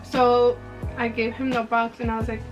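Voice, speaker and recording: A woman's voice: on the high side, flat delivery, normal speed, highs cut off. A young woman casually telling a personal story, full of "like" fillers and acted-out dialogue. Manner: chatty, many "like" fillers, reenacts dialogue. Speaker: vlogger. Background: background music.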